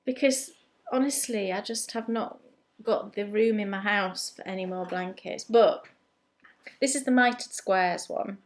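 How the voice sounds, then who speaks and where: A woman's voice: mid-range voice, measured pace. An English woman hosting a knitting podcast, chatting in a rambling, good-humoured way. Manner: chatty and rambling, often laughing at herself. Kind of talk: casual chat.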